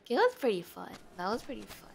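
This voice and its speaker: A woman's voice: mid-range voice, huge pitch swings, rapid-fire, vocal fry, breathy edge. Playful young woman streamer. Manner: playful, giggly, reads game dialogue aloud. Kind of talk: casual gameplay commentary.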